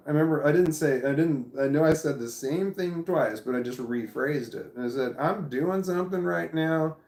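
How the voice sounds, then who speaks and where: A man's voice: fairly high pitch, lively intonation, normal speed, roomy sound. A man telling a casual story to the camera. He rambles, repeats himself and swears often. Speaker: vlogger.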